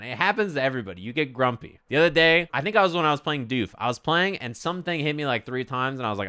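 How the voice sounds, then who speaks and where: A man's voice: mid-range voice, expressive, quick pace, hardly any pauses, bright, forceful tone, clear, resonant tone. A man streaming, chatting casually and animatedly, swearing freely and acting out quotes.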